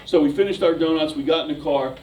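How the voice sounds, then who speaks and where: A man delivers a motivational talk as a lively story, and his voice sits a little high. He sounds far from the mic, with a faint hum underneath. The large room around him rings with echo. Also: fast talker. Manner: animated storyteller who builds to shouting. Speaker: motivational speaker. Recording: echoey room from a distance.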